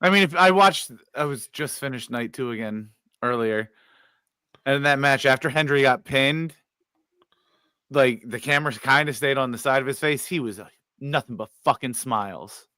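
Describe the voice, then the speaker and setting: Man with a bright, forceful voice. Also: medium pitch, normal speed, dry recording. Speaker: podcast guest. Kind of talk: casual chat.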